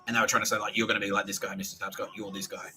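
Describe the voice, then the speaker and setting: Rambling, sharp-toned man. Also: on the low side, flat delivery, very fast, faint music behind, low-quality recording. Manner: profane, rambling, restarts sentences. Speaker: podcaster. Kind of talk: rambling solo podcast monologue.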